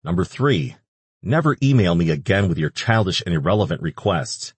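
A man's voice: low voice, very animated, normal speed, breathy edge, no room sound, full character voice. A man voicing a surly, foul-mouthed male demon king who curses and snaps irritably. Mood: scornful. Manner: crude, irritable and cursing.

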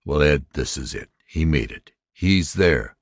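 A man voicing an excited middle-aged male neighbor announcing news, eager and loud. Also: rumbling low, unhurried, dry recording, studio quality, full character voice.

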